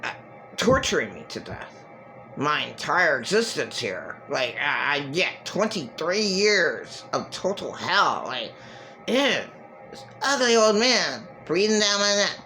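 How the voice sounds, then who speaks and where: Agitated middle-aged woman, lively bright voice. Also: sits low, slow pace, soft background music, low-quality recording. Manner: agitated, profane and repetitive, with many restarts. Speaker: vlogger. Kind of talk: emotional monologue to camera.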